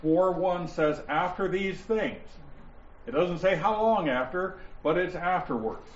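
A man teaching a Bible study class, explaining points deliberately and stressing key words, with listeners answering him. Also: high voice, expressive, slight background noise. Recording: roomy, dull lo-fi sound with faint ambience.

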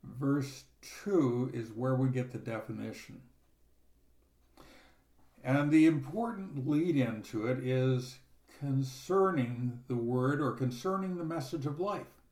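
A man teaching a Bible passage verse by verse, reading scripture aloud and explaining it in a measured way, stressing key words. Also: medium pitch, a little mellow. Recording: echoey room.

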